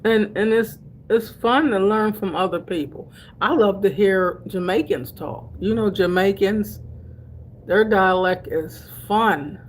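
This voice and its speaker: An older woman from Delaware, USA, chats casually to camera as a vlogger in a medium-pitched, slow voice with a slight hiss or hum. She calls her viewers "honey" and "baby" and laughs easily as she tells stories.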